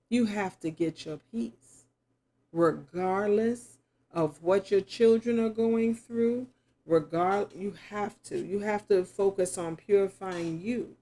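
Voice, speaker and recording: Middle-aged female tarot reader, very slow delivery, warm dark tone, reflective and musing. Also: medium pitch. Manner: slow, reflective, musing aloud with sudden exclamations. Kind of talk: spoken tarot reading to camera.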